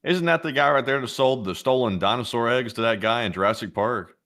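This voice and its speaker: Joking male co-host, bright voice. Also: mid-range voice, brisk. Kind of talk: casual comedic chat.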